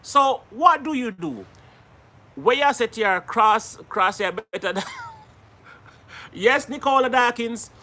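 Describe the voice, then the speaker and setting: A man's voice: extremely high pitch, animated, takes it slowly, long pauses, bright, forceful tone. A man from Jamaica hosting a live stream, chatting casually and greeting viewers by name, laughing often.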